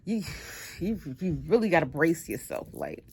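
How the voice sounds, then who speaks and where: A woman's voice: low-pitched, normal speed, vocal fry. A woman in her forties with a Boston accent, talking openly to camera in a casual vlog and swearing freely. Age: 40s. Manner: blunt, swears freely, lively. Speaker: vlogger.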